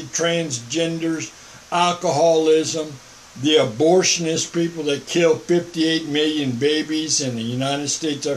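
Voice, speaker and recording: An older man preaching informally to the camera, switching between mock calm and sarcastic emphasis. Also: fairly high pitch, a little hiss or hum, poor audio.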